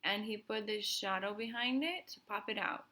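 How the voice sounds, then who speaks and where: A woman teaching an art lesson to young children, explaining gently and asking questions aloud. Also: mid-range voice, moderate pace.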